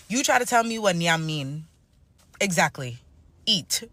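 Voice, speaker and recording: Emphatic Jamaican woman, bright dry voice. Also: fairly low pitch, expressive, no room sound. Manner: emphatic, switching into fast patois. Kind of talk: direct-to-camera commentary.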